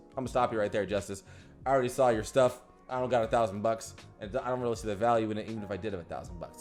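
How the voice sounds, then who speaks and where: A man, a business coach, talking energetically and directly to viewers in a live-streamed coaching session. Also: mid-range voice.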